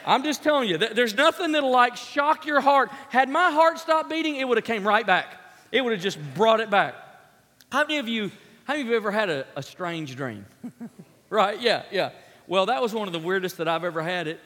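A pastor telling a story in a sermon, animated and acting out sounds as he speaks. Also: high-pitched, brisk. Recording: long hall reverb.

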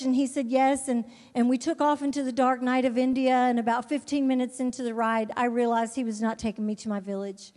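A high-pitched woman tells her missionary testimony from the pulpit. She speaks fervently, repeats her words and stumbles through restarts. Her voice rings out with the long reverb of a large hall. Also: fairly even intonation, a little fast, hardly any pauses, a little mellow. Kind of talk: testimony sermon.

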